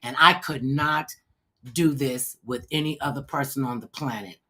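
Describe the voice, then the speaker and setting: An older woman hosting a talk show, telling a long story in a casual, animated way and acting out the quotes. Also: very deep voice, normal speed, husky.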